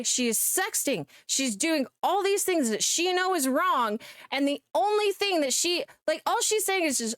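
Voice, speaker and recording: A woman's voice: high voice, fairly bright tone, no echo, clean studio sound. A young woman, a VTuber commentator, ranting in a blunt, exasperated, profane reaction commentary.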